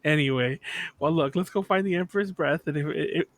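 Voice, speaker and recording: A man playing a tabletop game, talking in a hurried, laughing, profane way. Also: on the high side, dry recording. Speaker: player.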